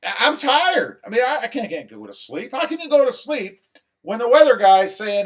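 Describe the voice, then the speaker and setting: A man hosting a casual live stream, reading viewer comments aloud and chatting back in an animated way. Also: very high-pitched, moderate pace. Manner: animated, rising when excited.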